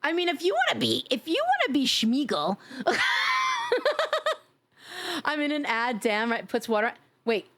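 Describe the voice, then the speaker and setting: Woman streamer, playful and teasing, lively swooping voice, fairly high, desk mic at home. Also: fairly quick, hardly any pauses, slight background noise. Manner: playful, teasing, laughs loudly and often; drops to a low sultry tease at times. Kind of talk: casual live-stream chat.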